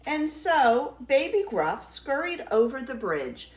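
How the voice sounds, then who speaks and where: An older woman reading a fairy tale aloud to her granddaughter, expressive and dramatic. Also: high voice, slow, few pauses. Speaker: grandmother storyteller. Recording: roomy echo.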